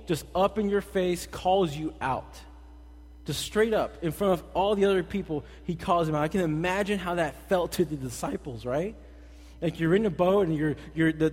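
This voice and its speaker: A man's voice: high-pitched, a little mellow, big-room sound. A man preaching a sermon as pastor, talking casually and telling stories. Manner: conversational, storytelling with acted quotes.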